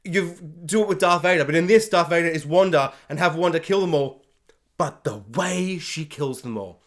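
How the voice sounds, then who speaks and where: A man giving an excited, rambling film review, jumping into goofy voices as he talks. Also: a little high, moderate pace.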